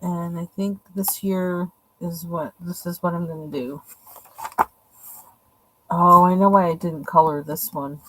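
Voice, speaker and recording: Low-voiced woman chatting casually. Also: fairly even intonation, a little slow, long pauses, bright, forceful tone, slight background noise, low-quality recording. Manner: chatty, rambling, thinking aloud. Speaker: coloring channel host. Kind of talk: casual show-and-tell.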